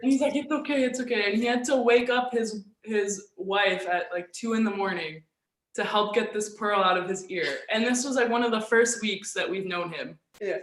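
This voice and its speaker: A young woman, a professional volleyball player, telling a story in a relaxed, chatty way with lots of "like". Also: mid-range voice, moderate pace, roomy sound. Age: young adult. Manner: animated storyteller, frequent "like". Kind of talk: casual storytelling on a video call.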